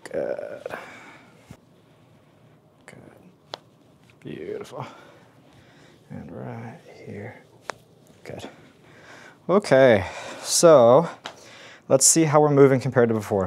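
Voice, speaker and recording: Calm, instructive male chiropractor. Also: mid-range voice, slow pace, vocal fry, long pauses. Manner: calm, instructive, with light jokes. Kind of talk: talking a patient through treatment. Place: chiropractic treatment room.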